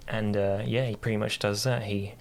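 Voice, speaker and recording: A man's voice: on the low side, level tone, moderate pace, creaky, darkish tone. Rambling man on a casual podcast. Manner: rambling, many fillers and restarts. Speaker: podcast co-host. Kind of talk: casual chat retelling a game story.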